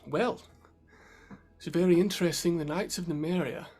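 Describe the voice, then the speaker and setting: A man doing a soft-spoken motherly sorceress. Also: a little high, normal speed, natural voice. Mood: gentle, cool. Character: calm motherly sorceress, patient and measured.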